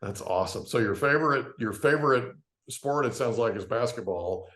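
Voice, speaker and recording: A male podcast host keeps his guest talking with quick affirmations and prompting questions, his intonation rising and falling in a lively way. The recording picks up a noticeably echoey room around him. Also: mid-range voice. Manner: encouraging, frequent short affirmations. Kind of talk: casual interview.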